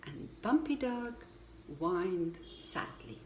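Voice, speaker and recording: A woman reading a children's storybook aloud, lively and expressive. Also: medium pitch, measured pace. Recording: echoey room with faint ambient noise.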